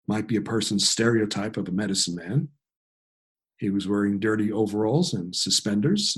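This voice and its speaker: A man's voice: on the low side, slightly rough. A man telling a personal story in a reflective, self-deprecating way. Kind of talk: personal anecdote.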